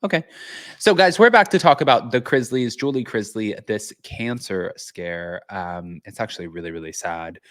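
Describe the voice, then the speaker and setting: Chatty low-voiced man hosting. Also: animated, normal speed, a bit bright, dry recording, clean studio sound. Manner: chatty, reads news aloud. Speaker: host. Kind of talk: casual chat. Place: home, with his cat.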